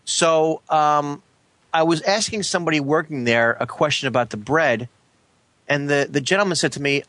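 A man's voice: a little high, sing-song, unhurried, long pauses, fairly bright tone, dry recording. A man telling an exasperated anecdote in casual talk, often stumbling and repeating words. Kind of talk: casual storytelling chat.

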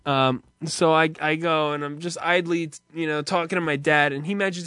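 A man telling an exasperated, profanity-laced comic story in an animated way. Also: fairly high pitch, moderate pace, clean tone, no echo, clean studio sound. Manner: animated, exasperated, swears a lot.

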